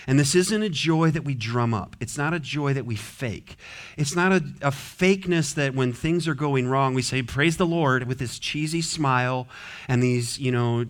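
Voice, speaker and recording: A man preaching a sermon as pastor in a church, dropping to soft low asides and rising to loud, drawn-out exhortation. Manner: emphatic, drawn-out stressed words. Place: church sanctuary.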